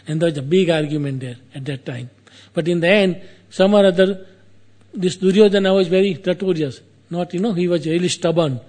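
A man retelling an epic tale in a casual storytelling style, his phrasing loose and halting, with repeats and asides to the listener. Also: high voice.

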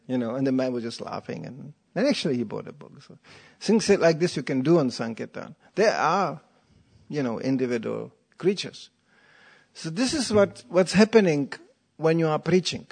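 Male preacher, lively anecdotal delivery with a wide swinging pitch. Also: husky. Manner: playful storytelling, acting out quotes, chuckling. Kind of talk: anecdotal sermon.

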